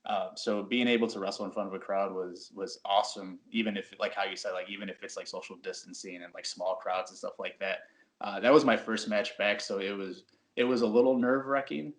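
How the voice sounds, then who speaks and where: A man who is a professional wrestler, giving relaxed, rambling interview answers full of "like" and "um". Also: fairly low pitch, a little fast.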